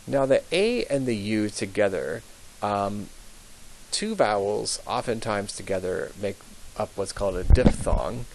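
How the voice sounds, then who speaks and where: A young adult man teaching a high school Latin pronunciation lesson, patiently repeating words slowly with frequent ums. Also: a little hiss or hum, poor audio.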